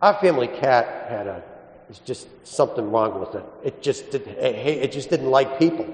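A man preaching a homily in a large, echoey church where his words ring on in a long reverb. He tells his stories plainly and folksily, then turns them into scripture lessons, at a medium pitch. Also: animated, moderate pace. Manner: folksy storyteller, mixes personal anecdotes with scripture. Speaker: Catholic priest or deacon. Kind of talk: gospel reading and homily.

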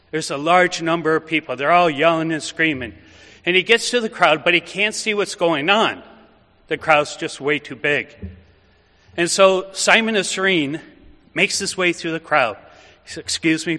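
A male priest giving a homily, telling a story vividly and then turning quiet and reflective. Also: a little high. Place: church. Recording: echoey church reverb.

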